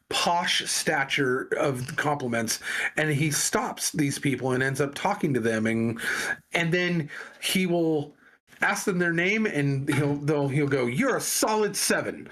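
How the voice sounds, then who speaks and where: On a laid-back talk show, a man with a somewhat bright, higher-than-average voice tells a long, rambling story. As a podcast co-host in casual conversation, he keeps restarting and using fillers.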